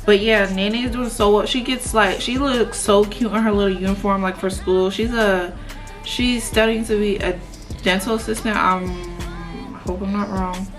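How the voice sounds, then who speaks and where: A woman's voice: mid-range voice, fairly even intonation, normal speed, faint music behind. A woman, chatting casually and rambling with lots of fillers while she does her makeup. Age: 20s. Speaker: beauty vlogger.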